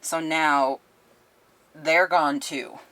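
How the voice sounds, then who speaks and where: Brief: lively, foul-mouthed woman book reviewer, low voice. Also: drawn-out words, dry recording. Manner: animated, profane, laughing often.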